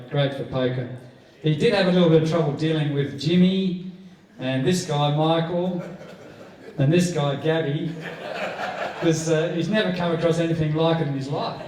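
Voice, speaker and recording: A man in his sixties with an Australian accent, doing rambling stand-up with poker anecdotes in a club room. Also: darkish tone. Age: 60s. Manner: rambling anecdotal storytelling, jumps up high to act out quoted people. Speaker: stand-up comedian. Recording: echoey room heard from a distance.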